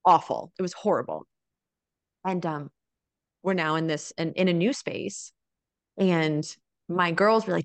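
Woman, thirties, lowish voice, dry close sound, chatty storyteller, asks "right?" a lot. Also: measured pace, long pauses, no room sound. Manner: animated storyteller, often adds "right?". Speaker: guest, mother of four living abroad. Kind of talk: casual interview chat.

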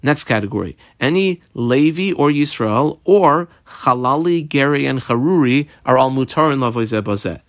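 A man's voice: medium pitch, expressive, moderate pace, hardly any pauses, dry recording, clean studio sound. A man teaching a Talmud page in a casual, explaining way, translating Hebrew and Aramaic terms into plain English as he goes.

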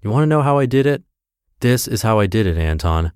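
A man's voice: on the low side, lively intonation, brisk, darkish tone, clean tone, no room sound, clean studio sound, lightly acted. A man voicing a determined young man who speaks firmly and resolutely. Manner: resolute, firm.

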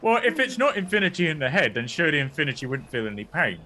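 A man playing a tabletop game, thinking aloud and tripping over his words. His voice is bright and ranges widely. His tone is fairly high for a man. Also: very animated, fast, a little hiss or hum. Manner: rambling, stumbles into laughter. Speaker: player.

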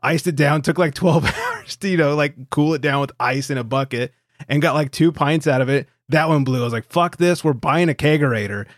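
A man's voice: fairly high pitch, steady tone, a little fast, dry recording. Brief: male podcast host, thirties, easygoing and profane, dry close sound. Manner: laid-back, swears casually, laughs often. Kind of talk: casual chat.

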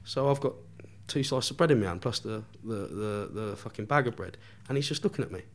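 A man's voice: on the low side, fairly quick. A man, a podcast guest telling a story in casual chat, swearing constantly and laughing along with his own tale.

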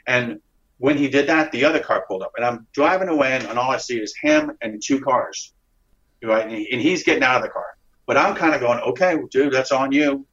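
A man, an interview guest, telling a dramatic story in a rambling, excited way with frequent restarts and swearing. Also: medium pitch. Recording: dull lo-fi recording.

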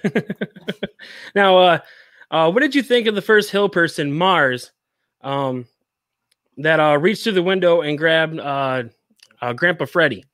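Man, podcast host, high voice, dry sound, laughs a lot, casual. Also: lively intonation, unhurried, long pauses, fairly bright tone, dry recording. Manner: laughs often, lots of "uh" fillers. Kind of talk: casual movie review chat.

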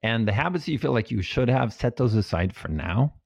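A man being interviewed as a guest, calmly and patiently explaining ideas with everyday examples. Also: medium pitch, a little fast, creaky, dry recording. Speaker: guest, habits researcher. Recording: dull, dry, lo-fi sound.

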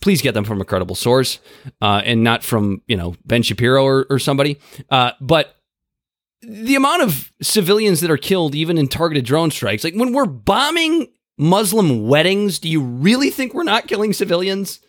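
A man's voice: fairly high pitch, very animated, normal speed, no echo. A man co-hosting a casual political talk show, making dry sarcastic quips. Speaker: podcast co-host.

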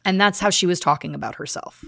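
A woman's voice: fairly low pitch, fast, creaky, a bit bright, no echo, clean studio sound. A woman podcast host recounting research in a chatty, casual way, full of asides. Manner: chatty, speaks in asides and restarts. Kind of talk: casual storytelling chat.

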